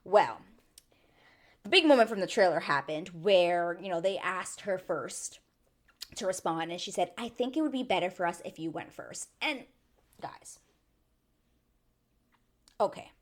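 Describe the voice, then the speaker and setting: A woman talks straight to her viewers in a casual, chatty recap. Her voice sits a little low, and she keeps it lively by acting out what people said. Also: a little slow, pauses often. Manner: chatty and animated, acting out quotes. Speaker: YouTube reviewer.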